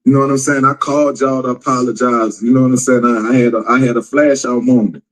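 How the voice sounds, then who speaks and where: A man's voice: mid-range voice, fairly even intonation, quick pace, poor audio. A man in a played clip ranting heatedly and profanely, repeating himself. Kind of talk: casual rant in a clip.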